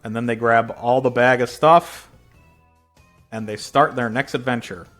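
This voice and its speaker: A man's voice: mid-range voice, fairly even intonation, unhurried, fairly bright tone, faint music behind. A man casually retelling a fan comic chapter by chapter, rambling with fillers and self-corrections. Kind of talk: casual storytelling.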